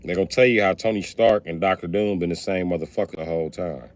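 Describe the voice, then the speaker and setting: A man's voice: deep voice, fast. A male livestreamer talks to his chat in a loose, rambling way. His delivery is casual and full of profanity.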